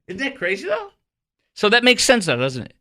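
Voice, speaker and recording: Radio guy rambling on air, bright edgy voice, super dry studio sound. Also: sits high, a little fast, dry recording. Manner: animated, rambling, teasing questions to the producer. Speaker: radio talk show host. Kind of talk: casual talk radio monologue.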